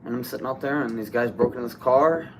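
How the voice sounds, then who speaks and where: Profane, animated storytelling man. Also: mid-range voice, fast talker, background noise. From Toledo, Ohio. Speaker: podcast co-host. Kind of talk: casual storytelling. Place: podcast studio.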